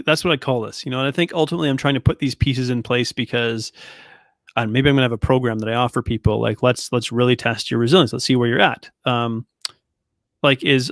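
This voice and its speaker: Gravelly-voiced man hosting a podcast. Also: mid-range voice, fairly even intonation, quick pace, fairly bright tone, dry recording, studio quality. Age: 30s. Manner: chatty, rambling, jokey. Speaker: podcast host. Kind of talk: casual interview chat.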